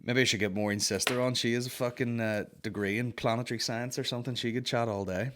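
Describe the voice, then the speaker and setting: A young man, hosting a podcast with sweary, rambling comic banter and sudden loud mock-operatic wails. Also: medium pitch, fairly even intonation, fast, noisy background. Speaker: podcast host. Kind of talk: casual comedic banter.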